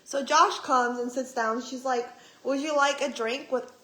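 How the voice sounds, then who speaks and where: A young woman vlogger telling a story to her live chat in a casual, animated way, swearing and acting out what people said. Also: high-pitched, a little slow, reverberant, rough recording. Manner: animated, swearing, acts out quoted voices. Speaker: vlogger on a livestream.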